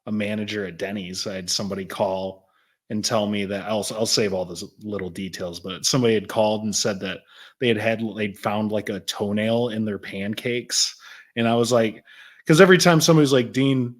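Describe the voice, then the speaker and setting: A man co-hosting a podcast, telling a story in a casual, animated way and laughing as he goes. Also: fairly low pitch, a little fast. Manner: animated, laughs through his stories. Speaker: podcast co-host.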